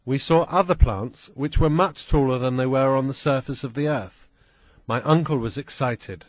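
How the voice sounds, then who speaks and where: A man reading a first-person adventure story aloud in a slow, deliberate, plain manner. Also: mid-range voice, no room sound. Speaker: audiobook reader.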